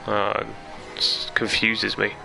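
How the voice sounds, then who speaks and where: A man's voice: on the low side, completely flat delivery, takes it slowly, vocal fry, sharp tone, poor audio. A young man streaming a game live, chatting casually, reading viewer comments aloud and laughing easily. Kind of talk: casual live-stream chat over gameplay. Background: game music.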